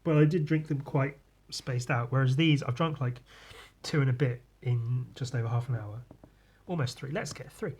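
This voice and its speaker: Husky tipsy man rambling. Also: medium pitch, moderate pace, darkish tone. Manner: meandering, trails off and restarts often. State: tipsy, lightheaded from drinking. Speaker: podcast host. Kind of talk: rambling casual monologue.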